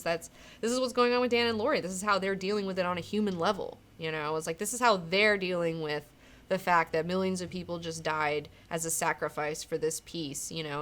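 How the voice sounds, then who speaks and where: A woman's voice: lowish voice, fairly bright tone. A woman hosting a casual comic book recap, rambling and candid, swearing freely and acting out characters' lines. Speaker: comic book discussion host.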